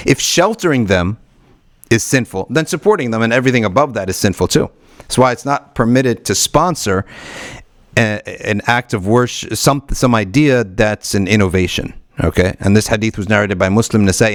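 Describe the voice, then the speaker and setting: A man's voice: lowish voice, dry recording, clean studio sound. Man giving a loose, explaining religious lesson. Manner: reads Arabic text quickly, then explains in English with frequent restarts. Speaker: imam teaching a weekly study circle.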